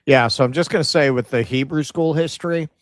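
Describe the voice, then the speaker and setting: A man's voice: a little high, brisk, no room sound, studio quality. A man co-hosting a casual livestream, talking in a wry, conversational way. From New York. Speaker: co-host.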